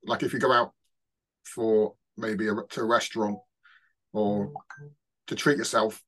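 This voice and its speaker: A man's voice: on the low side, fairly even intonation, a little slow, a bit bright. A man hosting an interview, asking casual questions with many hesitant fillers. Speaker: interviewer, host.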